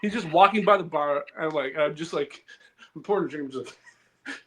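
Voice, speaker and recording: With crowd noise around him, this comedy podcast host speaks fairly quickly in a higher-pitched voice. His storytelling is loose and casual, full of restarts and performed quotes as he wanders through anecdotes.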